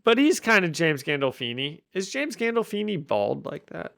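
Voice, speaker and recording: Bright, clear-voiced male podcast host. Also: on the high side, moderate pace, no echo, clean studio sound. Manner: animated storyteller who laughs often. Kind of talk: casual podcast chat.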